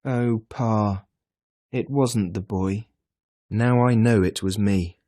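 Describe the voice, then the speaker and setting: A man's voice: on the low side, slow pace, dark tone, no echo, clean studio sound, pitched above the performer's own voice. A man reading a storybook, voicing a small boy who has told a fib and gets upset. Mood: pleading. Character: small boy Jimmy, fibbing and easily upset.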